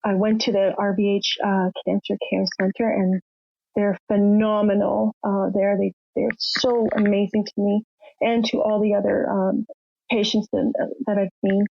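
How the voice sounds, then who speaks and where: A woman's voice: mid-range voice, little pitch movement, normal speed, vocal fry, dry recording. An older woman telling her personal story as a podcast guest, candid and emotional, acting out the voices of the people in it. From Canada. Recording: muffled lo-fi sound, dry.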